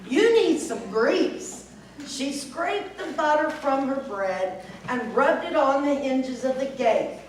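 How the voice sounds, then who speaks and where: Lady reading a fairy tale, slow and singsongy, high voice, echoey hall from far off, faint room noise. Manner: slow, expressive storytelling. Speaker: storyteller. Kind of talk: reading a folk tale aloud to an audience. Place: event hall at a senior center fair.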